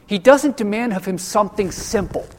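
A man preaching a sermon in a loose, conversational way, full of jokey asides and quick acted-out voices for the people in his stories. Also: high voice. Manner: casual, jokey asides, acts out quoted voices. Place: church sanctuary. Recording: long church-hall reverb.

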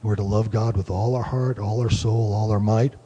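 A man giving a relaxed Bible study lecture, explaining word meanings and thinking aloud with many fillers. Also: lowish voice, brisk, slightly rough, lo-fi sound. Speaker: Bible teacher.

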